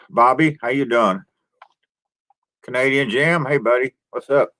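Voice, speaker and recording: A man's voice: mid-range voice, slow, pushed and bright. Man, live-stream host, casual chat, laid-back, folksy, homespun, sighing. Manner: homespun rural speech. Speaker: livestream host.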